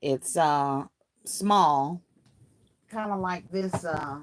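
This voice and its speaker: A woman's voice: low voice, extremely slow, heavy background noise. A woman hosting a casual crafting livestream. She reads viewer comments aloud and greets viewers by name in a chatty, folksy way, laughing often.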